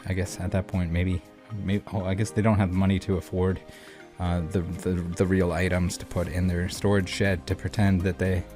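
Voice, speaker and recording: Brief: male channel host, lowish voice, casual rambling commentary, faint music underneath. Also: flat delivery, moderate pace, few pauses, a little mellow. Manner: rambling, filler-heavy, blunt.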